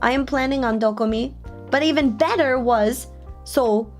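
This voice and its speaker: A young woman streams and chats casually, her voice sitting a little high. She is excitable and breaks into giggles often. Soft music plays faintly underneath. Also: moderate pace. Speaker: VTuber streamer. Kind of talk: casual live-stream chat. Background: faint background music.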